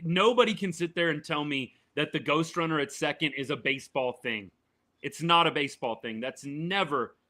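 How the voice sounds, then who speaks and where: A man hosting a live baseball reaction show, giving his opinions and answering viewer comments in a casual, animated way. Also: on the high side. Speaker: sports podcast host. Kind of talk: live game reaction chat.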